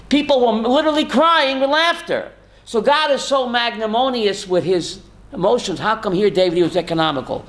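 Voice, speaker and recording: A man's voice: high-pitched, creaky. An older man, a rabbi, giving a holiday sermon who puts questions to the congregation and answers them himself, telling stories with emphatic swings. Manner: storytelling, swings from soft to emphatic.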